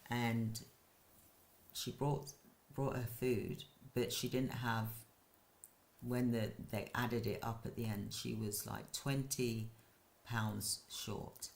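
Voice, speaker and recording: A man who runs a care business, hosting a live stream and giving casual advice in a slow, halting way with frequent restarts. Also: mid-range voice, level tone, gravelly.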